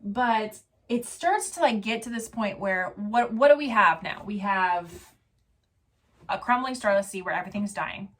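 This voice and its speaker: In a medium-pitched voice at a measured pace, a tipsy woman excitedly and profanely rambles through the story of a novel as a casual book reviewer.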